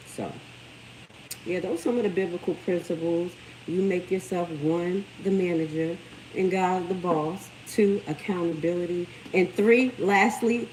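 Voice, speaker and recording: A middle-aged woman speaks, her voice sitting slightly low as she hosts a casual livestream. She tells stories with animated energy. A faint background noise sits under the recording. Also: poor audio. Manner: animated storytelling, lively quoted voices. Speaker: livestream host.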